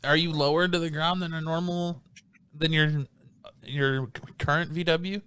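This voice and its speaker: A man's voice: on the high side, fairly even intonation, measured pace, fairly bright tone, clean tone. A man co-hosting a podcast, dropping wry joking asides in casual chat. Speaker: podcast co-host.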